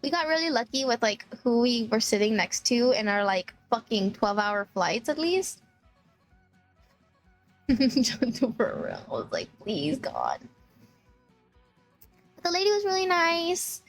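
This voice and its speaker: A woman from Texas, streaming and telling an animated, swear-filled travel story with laughs. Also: fairly high pitch, unhurried, soft background music. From Texas, USA. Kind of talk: casual storytelling chat.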